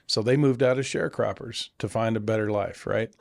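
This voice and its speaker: A man's voice: lowish voice, a little fast, creaky, no echo. A middle-aged man from California, a conservation CEO, talking earnestly and self-deprecatingly in a casual interview. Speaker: guest, conservation nonprofit CEO.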